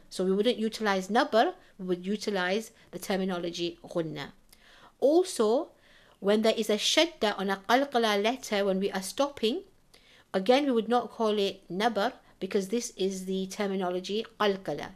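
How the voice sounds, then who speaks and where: Woman teaching recitation in measured tones. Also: medium pitch. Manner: measured, explanatory, sounds out Arabic words slowly for emphasis. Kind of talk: instructional narration.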